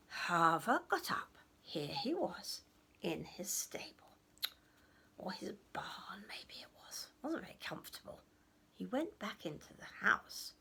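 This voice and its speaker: Animated woman storyteller for children. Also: a little high, slow pace, husky. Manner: animated, audience-prompting, drops to whispers.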